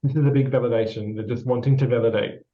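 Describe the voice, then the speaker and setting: With a steady tone and quick pace, this mid-range Australian male voice belongs to a psychic medium doing an informal spirit reading with a guest. His encouraging delivery wanders, packed with fillers and repeated phrases, on a slightly dull lo-fi recording.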